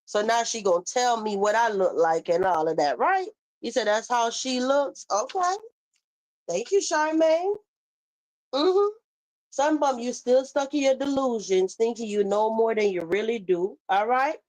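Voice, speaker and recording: A woman's voice: a little high, lively intonation, moderate pace, darkish tone, poor audio. A woman hosting a casual livestream, chatting straight to her viewers in a sassy, talkative way. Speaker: livestream host. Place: Florida home.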